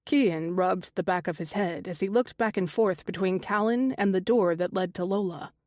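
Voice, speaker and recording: A woman's voice: lowish voice, normal speed, darkish tone, dry recording. Woman reading a fantasy romance audiobook. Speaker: audiobook narrator. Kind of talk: scripted narration.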